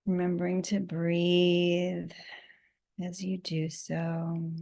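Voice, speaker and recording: A woman leading a guided breathing and self-massage meditation as the teacher, speaking softly and gently, and laughing easily at her own slips. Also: lowish voice, completely flat delivery, drawn-out words, gravelly. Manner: soft, gently guiding, laughs at herself.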